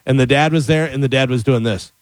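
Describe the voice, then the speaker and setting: A man's voice: mid-range voice, quick pace, no echo. A middle-aged man telling stories in a casual chat with friends, acting out other people's voices as he goes. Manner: animated storyteller who acts out other people's voices.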